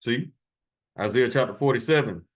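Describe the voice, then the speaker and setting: A man's voice: mid-range voice, moderate pace. Guy preaching hard, reads bible verses then cusses folks out, regular voice. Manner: profane, taunting, reads verses aloud. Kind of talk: fiery scripture preaching.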